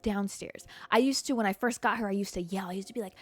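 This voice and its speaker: A young woman hosting a casual solo podcast from her couch at home, talking in an animated, expressive way and swearing a lot. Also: medium pitch, fast talker, dry recording. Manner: animated and expressive, heavy swearing, frequent "like" fillers. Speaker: podcast host.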